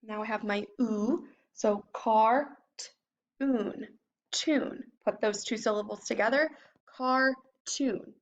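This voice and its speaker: A young woman teaching a phonics lesson to young children, sounding out word parts slowly and clearly. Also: on the high side, lo-fi sound. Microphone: computer microphone.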